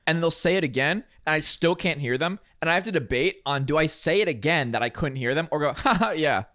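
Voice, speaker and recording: A man co-hosting a casual podcast, with a voice pitched a little high that swings widely as he talks. His jokes come out dry and deadpan. The room is close and dead, with no echo. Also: fairly quick. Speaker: podcast co-host. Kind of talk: casual comedic chat.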